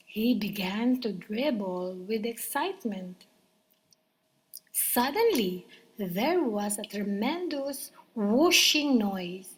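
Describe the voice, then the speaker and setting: A woman storyteller reading a children's book aloud with soft, expressive narration. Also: on the high side, slightly rough, low-quality recording.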